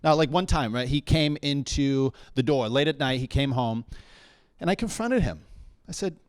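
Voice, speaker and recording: A man's voice: medium pitch, animated, moderate pace, no room sound. A young man performing a stand-up comedy set on a comedy bar stage. He talks conversationally and keeps checking in with the crowd.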